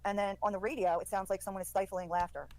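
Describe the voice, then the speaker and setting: A woman retelling events line by line in a brisk play-by-play way. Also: medium pitch, little pitch movement, a little mellow, rough recording. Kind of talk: recounting audio heard.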